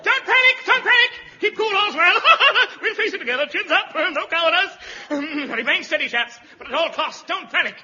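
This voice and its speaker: An actor playing an eager, excitable young hero in a 1950s radio comedy, giggling and exclaiming, from an old broadcast. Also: male voice, very high-pitched, normal speed, hardly any pauses, highs cut off, exaggerated voice. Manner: breathless, giggling, bursting with excitement.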